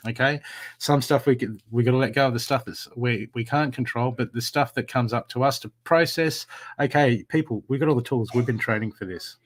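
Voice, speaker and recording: A man's voice: mid-range voice, brisk. A middle-aged Australian man giving a live-stream tarot group reading, talking in an earnest coaching tone full of "okay"s. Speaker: tarot reader.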